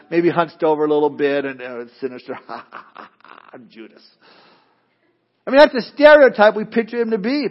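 A man preaching a sermon in a conversational, animated way, with asides and playful mock voices. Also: on the high side, muffled recording. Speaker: pastor.

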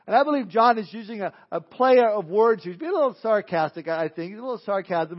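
A man's voice: high-pitched, brisk, hardly any pauses. A male pastor preaching a sermon in a folksy, joking storytelling manner, reading scripture and leading prayer. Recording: dull lo-fi recording.

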